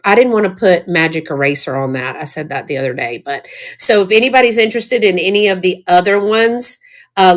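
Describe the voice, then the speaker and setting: A woman hosting a casual live-stream sale, chatty and excitable, greeting viewers by name. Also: lowish voice.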